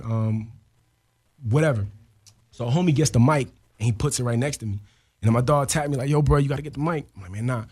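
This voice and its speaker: A rapper telling a story in an interview, animated and full of slang. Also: male voice, mid-range voice, a little fast, long pauses. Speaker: rapper guest.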